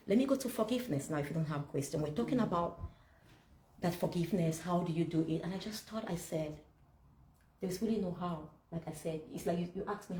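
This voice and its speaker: A woman's voice: fairly low pitch, warm tone. A woman leading a sermon-like teaching talk who preaches with rhetorical questions and scripture. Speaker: speaker leading a masterclass. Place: event room. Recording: roomy hall with faint background noise.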